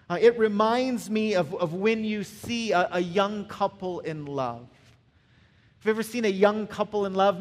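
A male pastor giving a conversational sermon, often checking in with the listeners with a quick "right?". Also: high voice, long reverb tail. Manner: conversational, frequent "right?" asides.

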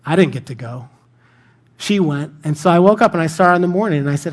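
A man's voice: on the high side, a little fast. A man preaching a sermon in a conversational, self-deprecating storytelling manner. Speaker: pastor.

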